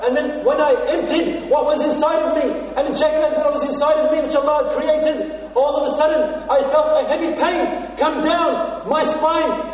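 A man delivers an impassioned sermon in a strikingly high voice, leaning on repeated phrases. He sounds distant and a little muffled. A long, booming reverb from a big hall trails every line. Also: darkish tone. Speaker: preacher. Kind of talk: sermon told as a first-person story. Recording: muffled, echoey hall from far off.

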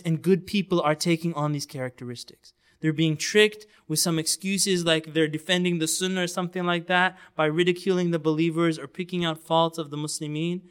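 A man's voice: a little high, steady tone, fairly quick, hardly any pauses, clear, resonant tone. A man giving an earnest, emphatic sermon, with passages of the Quran chanted melodically. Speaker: Islamic preacher.

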